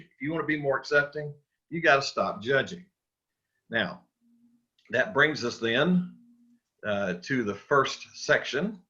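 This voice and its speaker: A man's voice: medium pitch, pushed and bright, dull audio. A man teaching a church Sunday school class, talking casually with restarts and questions to the group. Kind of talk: Bible study lesson.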